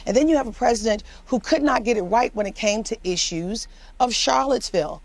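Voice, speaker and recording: A woman's voice: fairly high pitch, brisk. A woman political commentator speaking with emphatic passion on a news panel, often repeating words as she presses her point. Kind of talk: impassioned panel discussion.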